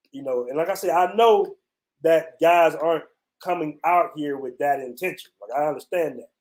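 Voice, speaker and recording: A man from the United States tells his viewers a story in a casual, slangy way, dropping "man" and "bro" all through it. His voice sits a little higher than most men's. He talks outdoors on a city street. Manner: loose, animated retelling with slang and repeated "man" and "bro". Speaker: travel channel host.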